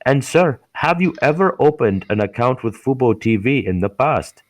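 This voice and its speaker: A man's voice: mid-range voice, lively intonation, moderate pace, dry recording, pitched above the performer's own voice, lightly acted. A man voicing a polite male call-center agent who speaks in stiff, formal, scripted phrases.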